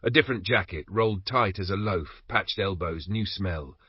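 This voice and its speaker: A man narrating an audiobook in a steady, measured reading. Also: deep voice, husky, dry recording. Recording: dry, slightly dull recording.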